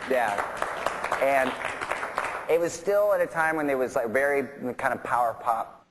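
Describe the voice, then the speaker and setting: A man's voice: mid-range voice, lively intonation, a little slow, some chatter behind, rough recording. A man guesting on an onstage interview, telling stories in a casual, rambling way with many fillers and restarts and laughter running through them. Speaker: interview guest, rock musician.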